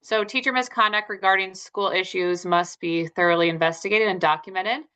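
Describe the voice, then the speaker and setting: Bright-voiced woman explaining in plain terms. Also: mid-range voice, brisk, smooth. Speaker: student presenter. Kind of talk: reading a class presentation.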